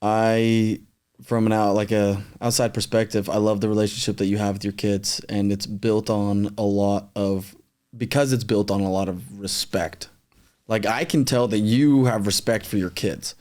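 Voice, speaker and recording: A man's voice: lowish voice, fairly even intonation, moderate pace, darkish tone. A man hosting a casual podcast conversation, talking in an earnest, conversational way.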